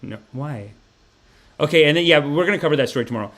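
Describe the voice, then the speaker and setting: A man's voice: a little high, fast talker. A man hosting a live podcast, chatting casually with lots of swearing and tangents. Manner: profane, rambling, animated. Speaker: podcast host. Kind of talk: casual livestream chat.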